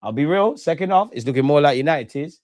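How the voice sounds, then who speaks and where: Fast and on the high side, this young man's voice is captured in a dry, studio-quality recording. Hosting a football watch-along, he chats with viewers and offers casual live commentary in an excitable, banter-heavy, trash-talking manner.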